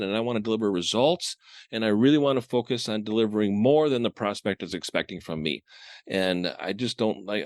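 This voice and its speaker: A man's voice: fairly low pitch, dry recording, clean studio sound. A man co-hosting a podcast in casual discussion, talking animatedly, chuckling often and acting out imagined dialogue. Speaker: podcast co-host.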